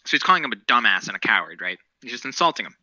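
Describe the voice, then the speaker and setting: A male podcast co-host rambles through current events, swearing and opinionated. His voice is sharp and bright, recorded dry on a dull, lo-fi mic. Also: medium pitch, sing-song, racing, no echo. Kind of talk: casual current-events chat.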